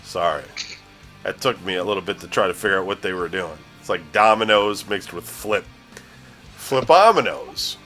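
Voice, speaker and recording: A man hosts a casual gaming news show, reading the week's releases in a podcast-style chat while joking, laughing often, and stumbling over names. His deep voice is sharp in tone and fairly quick with fairly even intonation, and faint music plays behind him.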